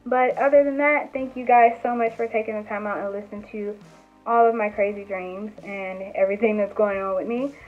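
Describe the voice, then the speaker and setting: A woman's voice: medium pitch, fairly even intonation, a little fast. A young woman vlogger casually telling stories about her dreams to camera, chatty and earnest, with lots of "like" and restarts. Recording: tinny phone-like sound with faint music.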